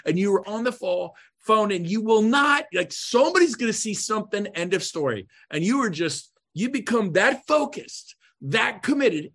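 A man coaching real estate agents on a podcast in an emphatic, punchy way, swinging between loud bursts and quiet asides. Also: sits high, animated, moderate pace, vocal fry.

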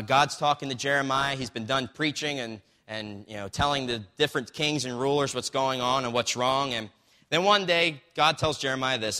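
A man preaching in an easygoing, storytelling way, his voice bright and forward. His words ring out with a long reverb that fills the church sanctuary around him. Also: medium pitch. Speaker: pastor. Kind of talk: sermon. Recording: long reverb of a large hall.

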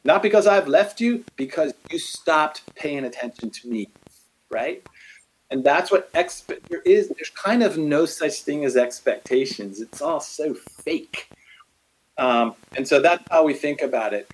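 A middle-aged man in a casual faith conversation, animated, acting out quotes as he tells stories. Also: on the high side, a little slow, husky, poor audio.

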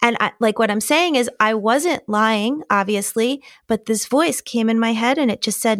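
A woman's voice: fairly high pitch, normal speed, hardly any pauses, fairly bright tone, no echo, studio quality. A middle-aged woman, a guest in a conversation, telling a personal story in an earnest, candid and emotionally open way. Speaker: podcast guest.

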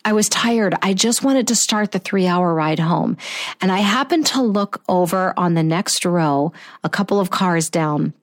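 A woman's voice: lowish voice, expressive, a little slow. A middle-aged woman telling a personal story in an earnest, heartfelt way, often restarting her sentences. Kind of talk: personal anecdote, reflective storytelling.

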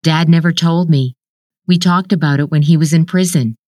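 A woman reading the lines of a gentle, apologetic older brother speaking over the phone. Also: low-pitched, steady tone, normal speed, no room sound, clean studio sound, lightly acted.

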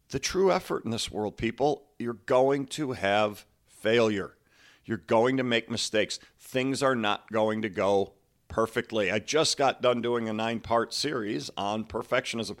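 A man talks on his motivational podcast as a coach speaking to other coaches. His voice sits on the low side. He keeps checking in with "okay?" and "right?", and he slows down to give each quoted line some weight. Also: fairly bright tone. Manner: earnest, stops to stress quoted lines slowly; conversational, asks listeners "okay?" and "right?". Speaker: basketball coach and podcast host.

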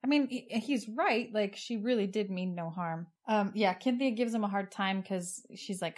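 A woman co-hosts a podcast and retells an episode in a casual, chatty way. Her tone is wry, and her voice sits in a middle pitch. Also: normal speed, few pauses. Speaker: podcast co-host.

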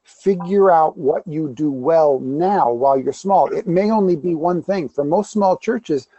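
Man, pastor guest, candid storytelling, mellow slightly high voice, dry dull sound. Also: measured pace, dry recording. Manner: candid, self-deprecating, storytelling with quoted asides. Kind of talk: conversational interview.

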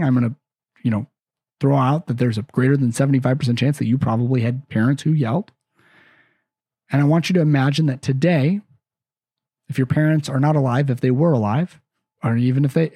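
Guy hosting a parenting podcast, warm husky voice, earnest and chatty, keeps restarting his sentences. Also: medium pitch, no echo, clean studio sound. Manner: earnest, conversational, restarts phrases often. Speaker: parenting podcast host and counselor. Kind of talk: casual advice talk.

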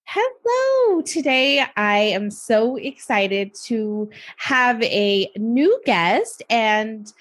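A woman's voice: on the high side, sing-song, drawn-out words, hardly any pauses, a bit bright. A woman hosting a podcast interview, chatty and upbeat, laughing easily with her guest. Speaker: podcast host. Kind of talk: casual interview chat.

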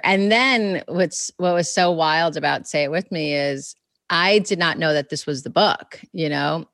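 A woman's voice: sits low, measured pace, a bit bright, no room sound, clean studio sound. A woman who writes children's books, talking casually as an interview guest, rambling with lots of "like" and "you know". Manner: reenacts conversations in quotes.

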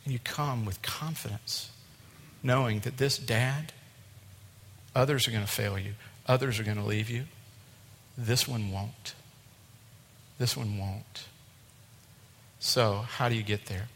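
Middle-aged male pastor, bright forceful sermon voice, big reverberant hall, mic'd for an impassioned sermon. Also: medium pitch, slow, long pauses, husky. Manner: impassioned, swings from loud to hushed. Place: church. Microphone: wearing a mic. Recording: long reverb of a large hall.

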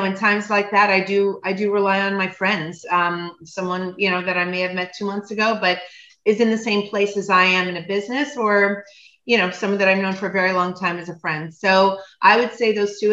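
A woman who owns a cooking event business chats casually as a podcast guest, full of fillers and restarts. Her mid-range voice is steady, pushed and bright at a normal speed, captured in a roomy, dull lo-fi recording.

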